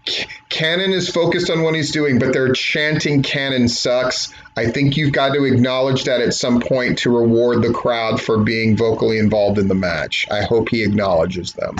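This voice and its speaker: A man's voice: mid-range voice, fairly even intonation, normal speed, lo-fi sound, a little hiss or hum. Profane, opinionated man reviewing wrestling. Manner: blunt, profane and opinionated, mocking impressions. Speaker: wrestling match reviewer and trainer. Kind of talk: profane rant-style review commentary.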